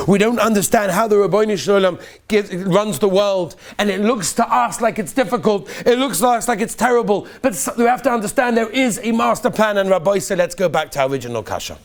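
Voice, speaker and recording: A man, a rabbi, giving a Purim sermon full of stories, animated and rising toward near-shouts, with Yiddish and Hebrew words mixed into his English. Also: high-pitched, a little fast, few pauses.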